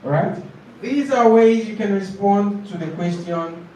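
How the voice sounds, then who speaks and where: Echoey, high-voiced male coach. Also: dark tone, slight background noise. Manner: repetitive, emphatic teacher modelling answers slowly. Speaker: IELTS speaking coach. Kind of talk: classroom lesson to camera. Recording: very echoey classroom from far off.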